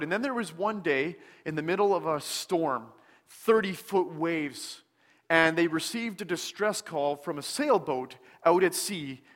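A man preaching a sermon in a church, speaking slowly and deliberately with many pauses, often dropping to a soft, hushed tone. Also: fairly high pitch, in a large hall. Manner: slow, deliberate delivery with frequent pauses, dropping softer on scripture. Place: church sanctuary.

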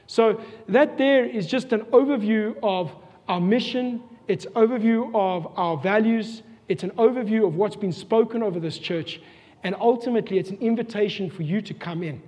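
A man's voice: sits high, normal speed, a little mellow. A man with a South African accent preaching a sermon to his congregation, earnest and full of rhetorical questions, often repeating himself. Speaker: pastor. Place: church hall. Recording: long reverb of a church hall.

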